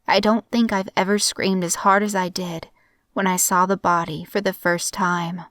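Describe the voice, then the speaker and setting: A young adult woman narrating a horror story in a measured, somber way as the show's regular narrator. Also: lowish voice, little pitch movement, fairly bright tone, dry recording, studio quality.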